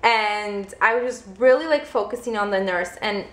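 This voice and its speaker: A woman's voice: medium pitch, normal speed. A young woman vlogger telling a personal story casually, peppering her speech with "like" fillers. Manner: chatty, heavy use of "like" fillers. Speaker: vlogger, first-time mother. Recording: roomy echo.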